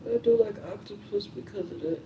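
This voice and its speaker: A young man chatting casually and meanderingly, soft-spoken with frequent fillers and pauses. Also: sits high, noisy background. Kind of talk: casual rambling chat. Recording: echoey room, mic at a distance.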